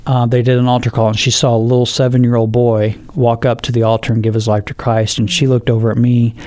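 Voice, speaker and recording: A man's voice: medium pitch, level tone, quick pace, warm tone, no echo. A man giving his testimony as a podcast guest, telling his story earnestly and often repeating his phrases.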